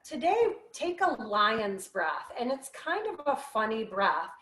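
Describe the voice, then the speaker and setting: Woman yoga teacher, higher voice, gentle playful cueing, echoey room. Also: sing-song, slow. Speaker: yoga instructor. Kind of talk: guided yoga class instruction.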